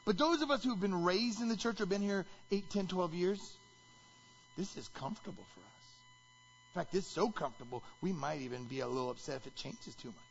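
A man preaching a sermon as pastor, animated and rising to shouts when he acts out quotes. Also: high-pitched, a little fast, lo-fi sound, slight background noise.

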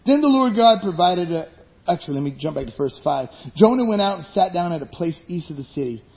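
Man, pastor, emphatic sermon, rhetorical questions, high voice, muffled lo-fi recording. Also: expressive, fairly quick. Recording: dull lo-fi sound.

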